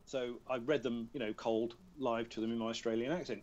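Male guest, chatty raconteur, mid pitch, dull lo-fi call audio. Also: fairly even intonation, fast, hardly any pauses. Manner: chatty, self-amused storyteller. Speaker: voice actor guest. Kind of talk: casual podcast chat. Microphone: remote call.

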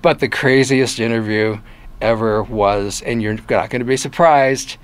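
An older man from Michigan with a local accent, a former reporter recounting interviews in a relaxed, animated conversational way. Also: medium pitch, a little slow, clean tone. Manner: animated storyteller who acts out quoted voices. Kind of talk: casual storytelling in an interview.

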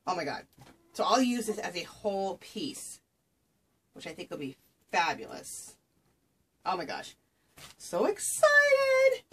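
A woman's voice: on the low side, expressive, a little slow, long pauses, noisy background. A woman vlogging to her camera at home as she opens a package of craft gifts, gushing with breathless exclamations of delight. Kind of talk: excited unboxing chat to camera. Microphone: camera she sets up herself.

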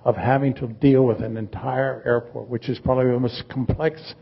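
A man in his eighties, a guest artist, talking in a rambling, halting way with dry humor in a live onstage conversation. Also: mid-range voice, steady tone, gravelly, husky, highs cut off. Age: 80s.

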